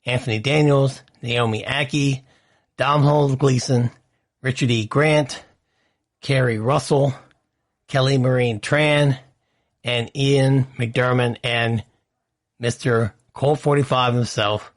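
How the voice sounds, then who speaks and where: A man's voice: mid-range voice, steady tone, takes it slowly. A man hosting a podcast, chatting and ranting in a casual, opinionated way. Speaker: podcast host.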